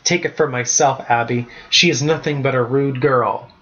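A man's voice: mid-range voice, fairly even intonation, moderate pace, fairly bright tone, muffled recording, lightly acted. A man voicing a sour, grumbling young noble in a storybook reading.

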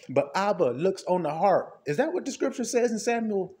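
A man preaching an informal sermon in a conversational way, asking rhetorical questions and often laughing, swinging between low murmurs and high exclamations. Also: very animated, measured pace, darkish tone.

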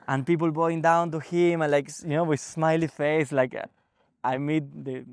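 Halting, animated man with a dry sound. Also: a little high, clear, resonant tone, dry recording. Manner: animated, halting, frequent restarts and fillers. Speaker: guest sharing a spiritual experience. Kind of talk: casual storytelling conversation. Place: ashram.

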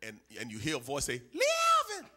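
A man's voice: on the high side, animated, a little fast, background noise. A man preaching a sermon in a church, emphatic and rhythmic, with repeated phrases and call and response. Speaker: pastor. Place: church sanctuary.

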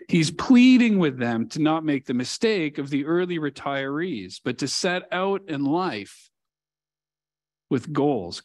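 A male pastor preaching a sermon in a church, telling a story earnestly and leaning hard on key words. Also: on the high side. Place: church sanctuary.

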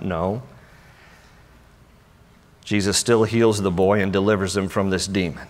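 A man's voice: on the low side, little pitch movement, a little slow, long pauses. A male pastor preaching a sermon in a church, storytelling with humor. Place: church sanctuary. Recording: echoey church hall.

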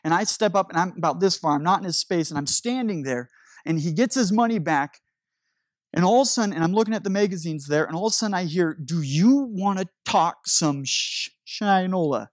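Guy preaching, fairly high voice, dry sound, keeps restarting his sentences. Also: fast, no room sound. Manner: animated storytelling with restarts. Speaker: pastor. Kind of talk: sermon.

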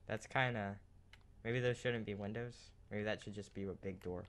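Low-voiced man bossing a building session. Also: steady tone. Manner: bossy, quick to direct and redirect. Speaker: let's play host. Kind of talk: casual chat while building in a game. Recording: keyboard clicks loud behind voice. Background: keyboard clicking.

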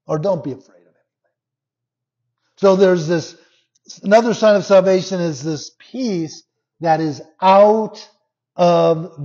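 A man preaching a sermon at an unhurried, deliberate pace, his fairly high voice swinging between hushed, intense passages and loud, emphatic bursts. The recording sounds slightly dull and lo-fi. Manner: expressive preaching, drops to soft intense lows and rises to loud emphatic peaks. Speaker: pastor.

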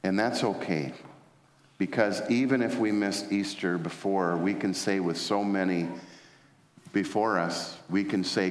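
Pastor preaching in an echoey church. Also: male voice, low-pitched, measured pace. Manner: storytelling, many fillers and restarts. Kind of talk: sermon. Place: large church sanctuary.

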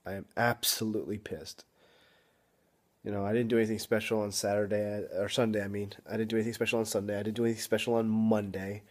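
A young man talking straight to camera in a casual vlog, frustrated and apologetic, halting with many ums and restarts. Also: lowish voice, little pitch movement. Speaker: vlogger.

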